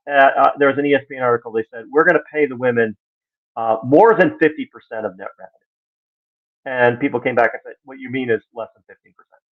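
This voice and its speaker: A man giving casual live-stream sports commentary, animated and exasperated, acting out the voices he quotes. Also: mid-range voice. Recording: tinny phone-like line.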